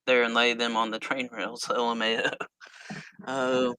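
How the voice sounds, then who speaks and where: A man hosting a casual podcast chat, laid-back and quick to laugh and agree. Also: medium pitch, flat delivery, pushed and bright, clean tone, no room sound, low-quality recording.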